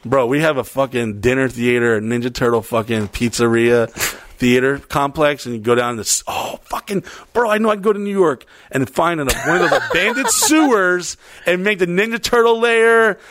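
A man's voice: fairly high pitch, normal speed, a bit bright, no room sound. A young adult man co-hosting a podcast, rambling profanely through crude comedic banter. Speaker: podcast co-host.

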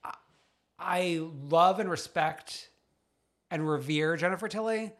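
A man's voice: high voice, a little slow, a bit bright. A man co-hosting a podcast, chatting casually and gossiping with frequent laughs. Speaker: podcast co-host. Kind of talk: casual chat.

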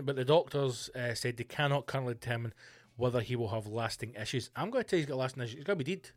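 A man hosting his own podcast, ranting in a profane, animated, mocking way and reading out news with sarcastic asides. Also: medium pitch, dry recording. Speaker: podcast host. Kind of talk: solo comedic rant. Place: home studio bunker.

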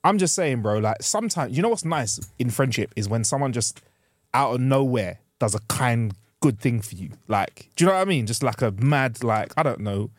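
A man's voice: medium pitch, lively intonation, moderate pace, dry recording, clean studio sound. A young man, co-hosting a podcast with playful teasing banter and lots of slang. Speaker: podcast co-host. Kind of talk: casual banter.

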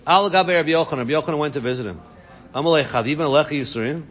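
His voice is a little high and a bit bright, and he races along as he teaches a Talmud class, rendering each Aramaic phrase into English for his students. The lo-fi recording sounds dull and carries a long reverb.

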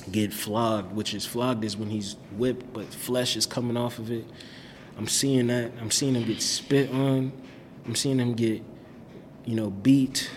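Young guy chopping it up, slangy n loose, mid voice, echoey room w faint hum behind. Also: mid-range voice. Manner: slangy, laid-back, lots of "like" and "bro". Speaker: guest telling his faith story. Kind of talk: casual storytelling.

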